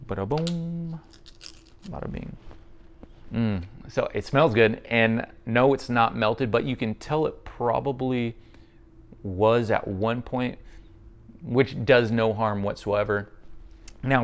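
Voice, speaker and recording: Chatty man reviewing beard products. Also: mid-range voice. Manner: friendly, chatty, thinks aloud with fillers.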